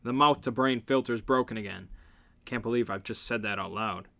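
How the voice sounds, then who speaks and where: A man's voice: medium pitch, moderate pace, vocal fry. A man giving a comedic dramatic reading, narrating and breaking in with sarcastic, mocking asides. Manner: sarcastic, jumps to loud mocking outbursts. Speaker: reader, channel host.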